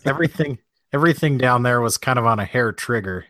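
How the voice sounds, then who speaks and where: A man's voice: mid-range voice, animated, fast talker, fairly bright tone, no echo, clean studio sound. A man co-hosting a podcast, rambling and hedging as he talks. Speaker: podcast co-host. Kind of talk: casual chat.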